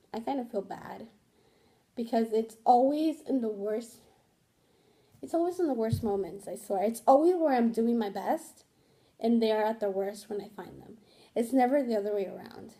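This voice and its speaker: A woman's voice: fairly high pitch, normal speed, mellow. A young woman vlogging casually, rambling candidly with many fillers and some swearing.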